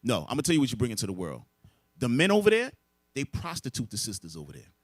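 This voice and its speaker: A man's voice: mid-range voice, wildly swooping pitch, fast, dry recording. A man preaching a lesson to a group, emphatic and full of rhetorical questions. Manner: emphatic, asks rhetorical questions and answers them. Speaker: religious teacher.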